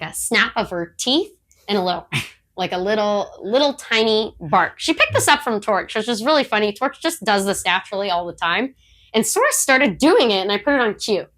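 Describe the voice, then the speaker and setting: A woman's voice: medium pitch, sharp tone. Chatty woman telling dog-training stories. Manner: chatty storyteller who laughs often; acts out her dog's thoughts in quotes. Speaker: podcast co-host, disc dog trainer. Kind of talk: casual podcast chat.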